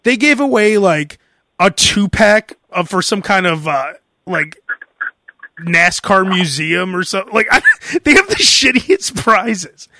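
A man's voice: sits high, sing-song, unhurried, sharp tone, no echo. A man hosting a podcast, chatting casually and mockingly with loose, rambling riffs. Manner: rambling, mocking, swears freely. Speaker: podcast host. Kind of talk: casual comedic chat.

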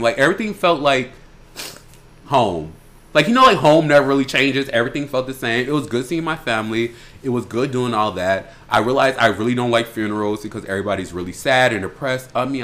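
Bright, brash man cohosting a podcast. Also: mid-range voice. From Chicago. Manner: loud, animated and crude, quick bursts of laughter. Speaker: podcast co-host. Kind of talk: casual chat.

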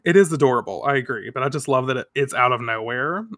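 A man's voice: mid-range voice, quick pace, no room sound, clean studio sound. A man co-hosting a casual chat, retelling a manga chapter and acting out the characters' lines, swearing and laughing along the way. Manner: animated storyteller, acts out character lines in a raised voice. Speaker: podcast co-host.

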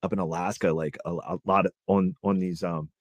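A man's voice: low voice, flat delivery, fairly quick, slight background noise. A man hosting a podcast, rambling casually with lots of fillers and swearing. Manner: rambling, profane, many fillers. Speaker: podcast host.

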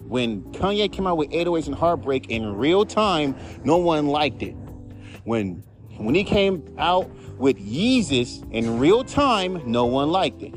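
A man who raps, ranting in a casual, profane, heated way on his podcast. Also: fairly high pitch. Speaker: podcast host, rapper. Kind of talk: casual rant.

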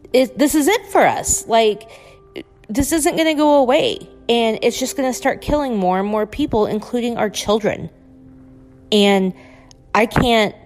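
A woman hosting a solo podcast, ranting and pleading with listeners in an impassioned, swearing manner. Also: mid-range voice. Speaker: podcast host. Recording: long reverb with faint music behind.

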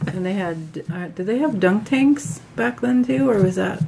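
A woman's voice: mid-range voice, animated, normal speed, creaky, warm tone, slight background noise, low-quality recording. A middle-aged woman in a casual chat, fondly remembering childhood holidays and nodding along. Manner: reminiscing, short agreeing replies. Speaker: podcast co-host.

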